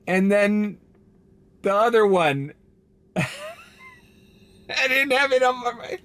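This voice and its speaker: A man's voice: high-pitched, big pitch swings, takes it slowly, pauses often, a bit bright. A man vlogging casually from inside his car as a rideshare driver, rambling, swearing and laughing a lot. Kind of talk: casual vlog while driving.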